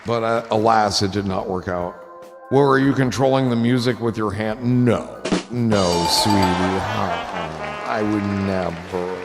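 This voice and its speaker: A man hosting a live stream, chatting casually and telling rambling, profane stories that turn excited. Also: lowish voice, a little slow, gravelly, long reverb tail, loud music behind the voice. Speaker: streamer host.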